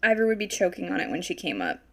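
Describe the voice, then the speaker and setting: Give me a blunt woman player at a gaming table with a raspy voice. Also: lowish voice, big pitch swings, quick pace. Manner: blunt, swears, laughs easily. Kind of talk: casual chat at the gaming table.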